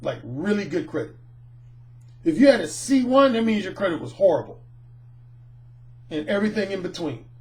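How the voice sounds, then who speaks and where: A middle-aged man, a dating coach, telling a personal anecdote in an animated, storytelling way. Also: high-pitched, normal speed, pauses often. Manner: animated, acts out the people in his anecdotes. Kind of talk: storytelling monologue.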